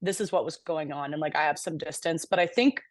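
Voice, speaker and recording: A woman's voice: deep voice, brisk, no room sound. A young woman co-hosting a podcast, talking candidly and reflectively in casual chat, with casual swearing. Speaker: podcast co-host.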